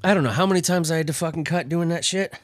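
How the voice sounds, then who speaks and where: A man's voice: fairly high pitch, racing, dry recording, studio quality. A man hosting a podcast in casual, crude, joking chat, recovering from an illness and prone to coughing fits. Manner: lively, crude, joking, laughs a lot. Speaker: podcast host.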